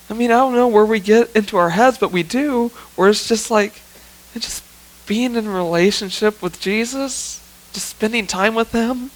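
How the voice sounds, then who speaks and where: Recorded roughly, a pastor with a high voice preaches at normal speed in a church sanctuary. He speaks earnestly and conversationally, frequently falling back on "I mean" and "you know what."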